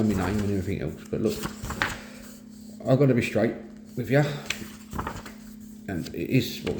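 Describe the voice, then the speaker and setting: A man's voice: on the low side, creaky. A middle-aged man with a Cockney accent from East London, talking candidly and bluntly about his mental health. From East London, England. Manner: plain-spoken, earnest, blunt. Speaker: host of a mental health talk. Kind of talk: candid personal monologue. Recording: echoey room with faint noise.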